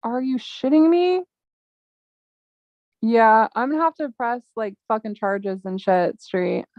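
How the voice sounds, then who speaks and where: A woman running a casual live chat who swears freely and rambles from one thought to the next. Her voice sits fairly high and sounds dry and close, with no room around it. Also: slow pace, darkish tone, no room sound, highs cut off. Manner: angry, profane, rambling. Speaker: chat host.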